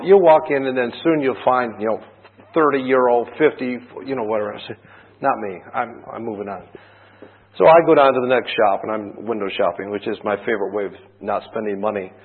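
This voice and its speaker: A husky-voiced man preaches in a relaxed, storytelling manner, throwing rhetorical questions at his listeners. His voice comes through a thin, tinny line. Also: mid-range voice. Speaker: pastor. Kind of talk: sermon. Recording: tinny phone-like band.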